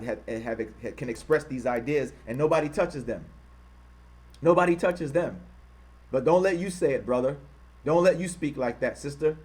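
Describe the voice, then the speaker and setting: A man hosting an online show, reading items off his screen and talking about them. He repeats himself often and gets loud and high-pitched when he is worked up. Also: breathy edge. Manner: repetitive, grows loud and high when heated, mocking quoted voices. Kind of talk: livestream commentary reading from a screen.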